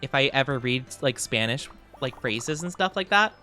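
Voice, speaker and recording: Bright, giggly livestreamer chatting. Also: mid-range voice, expressive, normal speed, faint music behind. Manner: chatty and giggly, answers chat messages. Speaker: streamer reading chat. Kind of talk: casual livestream chat over gameplay.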